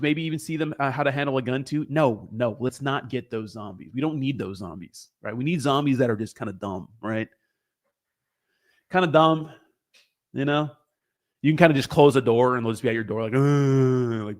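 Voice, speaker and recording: A young man hosts a casual livestream and rambles loosely to his viewers. He swears freely, jokes with the chat, and drifts from topic to topic in an easygoing, unscripted way. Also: medium pitch. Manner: rambling, profane, joking with chat. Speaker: crypto livestream host.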